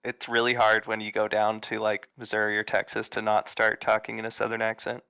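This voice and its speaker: An easygoing man at a tabletop game, his voice bright and crisp with a smooth clarity. He talks loosely, slipping between plain chat and lines spoken in character. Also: fairly low pitch, completely flat delivery, brisk, lo-fi sound. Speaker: player. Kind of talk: tabletop game role-play.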